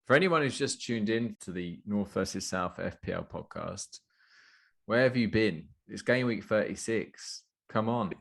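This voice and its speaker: A man's voice: on the low side, lively intonation, measured pace, creaky, a bit bright, husky. A man hosting a casual sports podcast, chatty and jokey, laughing often. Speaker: podcast host.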